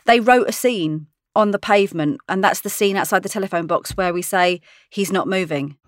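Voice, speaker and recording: A woman's voice: mid-range voice, a little fast, dry recording, studio quality. A woman, an actress, chatting in an interview, laughing often as she tells stories. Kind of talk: casual interview chat.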